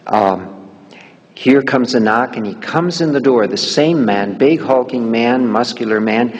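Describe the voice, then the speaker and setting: Husky guy telling a spiritual story, gentle and slow, long echoey reverb. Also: medium pitch, animated, dull audio. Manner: gentle, unhurried, with soft chuckles. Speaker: spiritual speaker.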